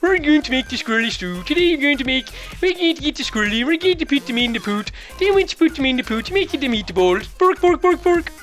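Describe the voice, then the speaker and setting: A bumbling Swedish cook, put on by a man, burbles singsong gibberish in a silly mock accent. The voice jumps far above a normal speaking pitch and rings out brightly. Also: big pitch swings, quick pace, hardly any pauses, soft background music, heavily acted. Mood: goofy.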